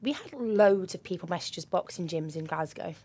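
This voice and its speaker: A woman's voice: lowish voice, brisk, a little mellow, breathy edge. A young woman co-hosting a podcast in casual chat, giggly and reading out listener messages. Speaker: podcast co-host.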